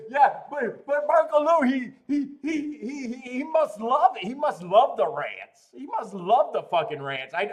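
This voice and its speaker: A man hosts a betting livestream in loose, animated chat. His voice sits high and swings widely in pitch as he rants, stammers and laughs between thoughts. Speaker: host of a horse racing betting livestream.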